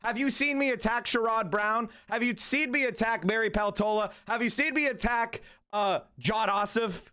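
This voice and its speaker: A man streaming political commentary in a heated, profane rant, breaking into yelled insults and stumbling over his words. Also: extremely high pitch, moderate pace, clean tone. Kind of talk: casual live-stream commentary.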